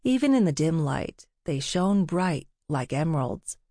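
A woman reading a novel aloud as narrator, in a measured, unhurried way. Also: low-pitched, big pitch swings, dark tone, no room sound, studio quality. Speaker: audiobook narrator. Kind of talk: scripted narration.

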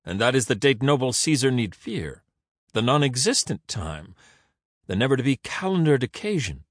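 A man voicing a calm, superior dream-shaper who jeers and mocks. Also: medium pitch, moderate pace, no room sound, clean studio sound. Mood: mocking. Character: cool, mocking male dream-shaper in control.

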